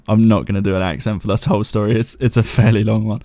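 A man's voice: lowish voice, fairly even intonation, fast talker, dark tone, dry recording. A man hosting a show, chatting loosely and reading viewer ghost stories aloud, laughing at himself as he goes. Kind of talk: casual commentary and reading aloud.

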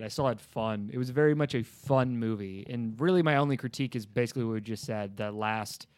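A man chatting casually about a film he enjoyed, his words loose and rambling, with laughter often breaking in. His voice sits at a middle pitch. The recording is dry and close, with no room sound. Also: dry recording. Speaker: podcast host. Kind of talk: casual movie review chat.

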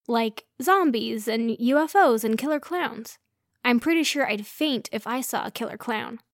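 A big, cheerful young man with an eager, bouncy way of talking, as a woman reads him in a storybook. The voice sits fairly high. The sound is close and dry. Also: animated, unhurried, no echo. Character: huge friendly young man, cheerful and booming.

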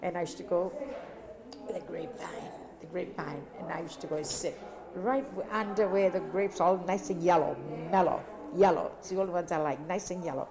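An older woman from Italy, talking about her past in an interview in a rambling, repetitive, animated way. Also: lowish voice, a little fast. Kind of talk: casual reminiscing. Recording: crowd chatter behind.

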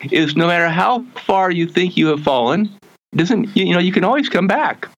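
A man, a guest in an interview, telling his life story earnestly and haltingly, with frequent restarts and slowing down to stress his message. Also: sits high, animated, muffled recording.

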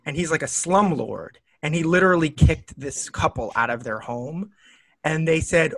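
Brief: male co-host, joking and sardonic, lively pitch, dry close sound. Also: moderate pace, no echo, poor audio. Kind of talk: casual chat.

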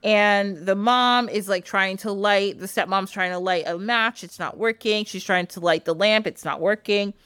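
A woman hosting a podcast, casually retelling a folk tale with a loose, animated delivery full of "like". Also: medium pitch, normal speed, hardly any pauses, clear, resonant tone, no room sound, studio quality. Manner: animated retelling with frequent laughs and "like". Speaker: podcast host. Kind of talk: casual storytelling chat.

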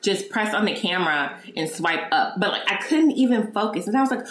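A woman's voice: mid-range voice, brisk, few pauses, roomy sound. Candid, profane woman podcaster. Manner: candid, profane, animated retelling. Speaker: podcast host. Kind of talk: personal storytelling monologue.

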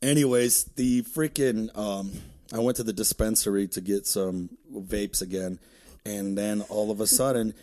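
A male comedian from Detroit telling a story as a podcast guest, profane and excitable, laughing as he talks. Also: on the low side, measured pace. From Detroit, USA. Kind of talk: animated comic storytelling.

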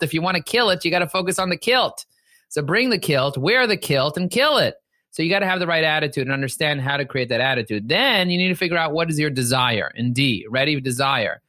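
A man coaches on a podcast in a bright, somewhat high voice. He hammers each point with emphatic repetition, preaching motivation. The sound is close and dry. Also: lively intonation, brisk, no room sound. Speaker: podcast host and sales coach. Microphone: podcast microphone.

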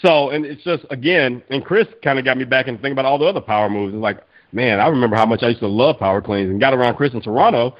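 Fast-talking male strength coach. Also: mid-range voice. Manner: rambling, repeats fillers. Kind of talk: casual podcast chat. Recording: dull lo-fi recording.

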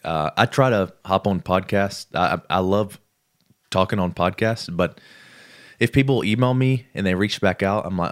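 A man's voice: sits low, normal speed. A man in casual podcast conversation as a guest, telling stories and swearing freely. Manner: swears freely, tells stories with quoted dialogue.

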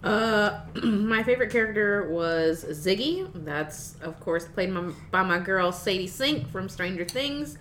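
Bright-voiced, casual woman. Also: medium pitch, animated, a little slow, hardly any pauses, slight background noise. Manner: casual, filler-heavy and laughing at herself. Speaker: podcast co-host. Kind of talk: casual movie review chat.

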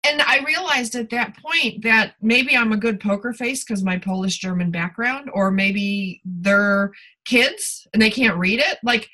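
A woman's voice: a little high, sharp tone, low-quality recording. A middle-aged woman, a guest in a podcast conversation, candidly telling personal stories with plenty of fillers. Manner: candid storytelling, many fillers and restarts.

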